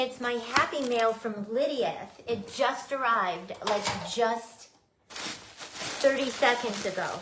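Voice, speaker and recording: A woman unboxing a parcel in a vlog, gushing and repeating herself with excitement. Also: on the high side. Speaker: small business crafter unboxing happy mail. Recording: echoey room with clear ambient noise.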